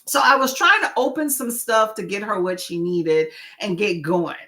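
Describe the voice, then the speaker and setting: A woman hosting a livestream, chatting casually with viewers and telling stories in an animated way. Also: medium pitch, normal speed. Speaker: livestream host; nurse.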